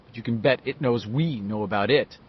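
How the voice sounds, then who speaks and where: A man voicing a cautious boy who speaks anxiously and haltingly. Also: mid-range voice, muffled recording, a little hiss or hum, close to an everyday voice. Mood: worried.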